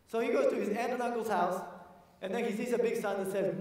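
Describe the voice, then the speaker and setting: An energetic man delivering a motivational keynote, telling a story and talking straight to the crowd. His voice is fairly high for a man and sounds distant, with a long reverb ringing through a large conference hall. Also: fast talker. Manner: energetic, storytelling, addresses the audience directly. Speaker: keynote speaker. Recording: echoey hall, voice from afar.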